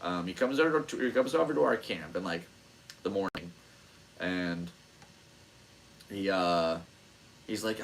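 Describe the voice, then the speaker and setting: Rambling, excitable young man host. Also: deep voice, a little slow, pauses often, a little hiss or hum, rough recording. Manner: excitable, chatty, self-deprecating. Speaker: podcast host. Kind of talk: rambling solo podcast chat.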